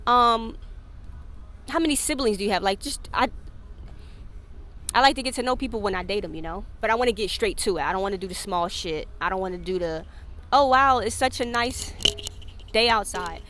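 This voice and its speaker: A woman's voice: medium pitch, brisk, pauses often. A woman hosting her own podcast in a casual solo chat, talking candidly with frequent swearing and laughter and acting out what people said. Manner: candid, profane, laughs often; animated, acts out quoted speech. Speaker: podcast host.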